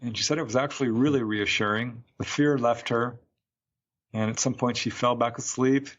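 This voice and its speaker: A man's voice: medium pitch, fairly even intonation, normal speed, a bit bright, dull audio. A man, a UFO researcher, recounting a case as a guest in a podcast interview, a chatty storyteller who acts out quotes.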